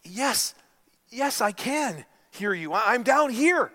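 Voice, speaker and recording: A pastor voicing a frantic man who is dangling from a cliff edge, yelling and stammering his pleas for help. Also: fairly high pitch, expressive, normal speed, long reverb tail. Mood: desperate pleading.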